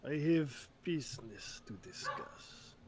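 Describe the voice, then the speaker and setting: A man voicing a hulking, menacing male crime boss who speaks in slow, clipped, broken English. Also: mid-range voice, lively intonation, slight background noise. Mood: cold menacing.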